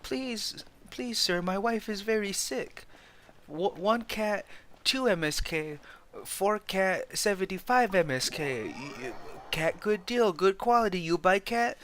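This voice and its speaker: A man's voice: high voice, animated, slow pace, fairly bright tone, slight background noise, full character voice. A man voicing a pushy male street merchant who pleads and hawks cats in broken English. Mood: pleading pushy.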